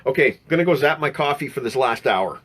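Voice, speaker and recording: A man's voice: medium pitch, lively intonation, a little fast, a bit bright. A man hosting a live stream from home, chatting casually and rambling through viewer comments with many restarts. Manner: rambling, frequent restarts and fillers.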